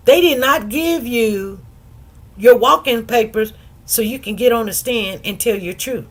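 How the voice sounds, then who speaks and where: A woman's voice: a little high, slow pace. A woman hosting a commentary channel, talking loosely and directly to viewers and stopping often to act out what people said. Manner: animated storyteller who acts out quotes in different voices; loose, conversational, with many restarts and asides to viewers. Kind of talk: casual commentary on a court case.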